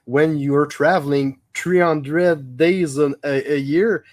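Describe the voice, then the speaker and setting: A man's voice: on the high side, fairly even intonation, slow pace. A man interviewing a guest, mostly listening and adding short replies, with slight phrasing. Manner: supportive listener with short backchannels. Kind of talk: casual interview chat.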